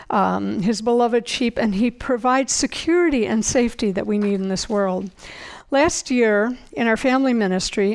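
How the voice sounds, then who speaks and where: An older woman giving an informal Bible teaching, earnest and conversational, slowing down to read scripture aloud. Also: on the high side, low-quality recording.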